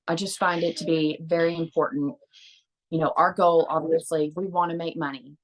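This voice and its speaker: A woman's voice: low voice, poor audio. A woman giving an earnest, rambling motivational talk at a team meeting, with many fillers and restarts. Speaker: team member sharing at an online meeting.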